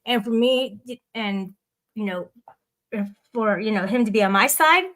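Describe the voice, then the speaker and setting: A woman's voice: medium pitch, a little slow, a bit bright. A woman hosting a live audio chat room, rambling and blunt, swearing casually as she addresses listeners.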